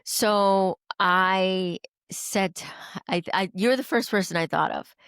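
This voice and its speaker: A woman guest telling a personal story in a lively way, acting out the dialogue she quotes. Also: mid-range voice, takes it slowly, smooth, no echo, clean studio sound. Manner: animated, acts out quoted dialogue. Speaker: podcast guest.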